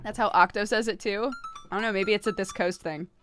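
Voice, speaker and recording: A young woman streaming a game in casual chat, animated, laughing often and swearing freely. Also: medium pitch, a little fast, faint music behind. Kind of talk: casual live-stream chat while gaming.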